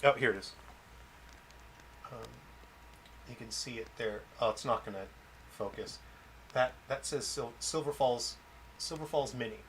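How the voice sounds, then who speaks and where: This game developer's launch stream finds him playing and fielding viewer questions in a relaxed, chatty way. His fairly bright, mid-range voice moves a bit slowly with frequent pauses; faint game music plays, and there's slight hiss or hum.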